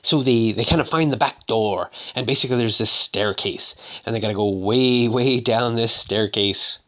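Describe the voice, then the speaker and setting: A man's voice: mid-range voice, moderate pace, a bit bright. Rambling man retelling a movie. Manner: rambling, joking, many fillers. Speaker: narrator.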